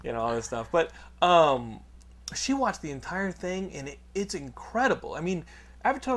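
Joking male podcast host, slightly high voice, loose and self-mocking. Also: a bit bright. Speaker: show host. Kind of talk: casual interview chat.

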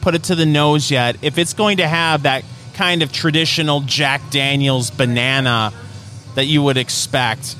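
A man with a Michigan accent, co-hosting a casual podcast, easygoing and quick to laugh. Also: a little high, steady tone, bright, forceful tone, soft background music. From Michigan, USA. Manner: easygoing, laughs often, short replies. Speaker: podcast co-host. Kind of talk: casual chat.

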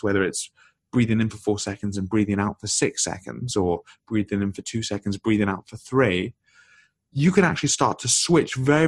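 A man as a podcast guest and author, explaining ideas in an animated, teaching tone. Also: lowish voice, breathy edge, no echo. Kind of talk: explanatory conversational talk.

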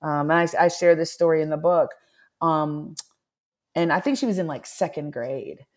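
A woman's voice: low-pitched, normal speed. A middle-aged woman, an author being interviewed, telling a personal story earnestly and voicing her own thoughts aloud. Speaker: author and guest. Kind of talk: candid interview conversation.

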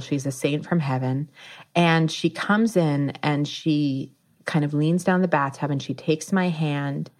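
Woman, 30s, low register, casual animated storyteller who acts out quotes. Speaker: guest telling a story.

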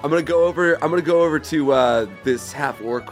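A man's voice: fairly high pitch, quick pace, soft background music. A man playing a tabletop game, joking and laughing between his lines. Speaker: player. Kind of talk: casual tabletop game play.

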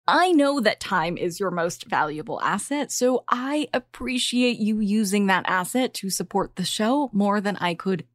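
A woman's voice: medium pitch, fairly bright tone, dry recording, studio quality. A woman hosting her own podcast, talking in a candid, emphatic and playful way. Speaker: podcast host. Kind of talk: scripted podcast monologue.

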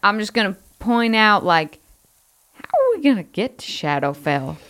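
A woman's voice: mid-range voice, sing-song, moderate pace, a bit bright. A woman playing a tabletop game, chatting casually with joking, giggly banter. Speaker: player. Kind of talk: casual chat.

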